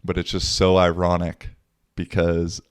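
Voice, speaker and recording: A man's voice: deep voice, monotone, a little slow, clear, resonant tone, dry recording, clean studio sound. A man, hosting a casual podcast and telling a rambling story with swearing and laughs. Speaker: podcast host. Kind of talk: casual solo podcast talk.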